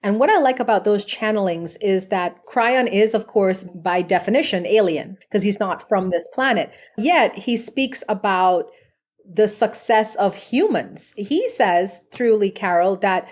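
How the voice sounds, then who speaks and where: A woman speaks as a podcast guest, earnest and chatty, telling stories about her spiritual work. Her voice sits at an ordinary middle pitch, and her talk is loose, with casual fillers. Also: unhurried, a little mellow. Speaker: guest, spiritual medium and past life regression therapist. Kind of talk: podcast interview.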